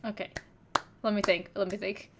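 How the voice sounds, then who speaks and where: A woman's voice: medium pitch, little pitch movement, normal speed. A young woman streamer chatting casually, rambling with many fillers and casual swearing. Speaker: vtuber streamer.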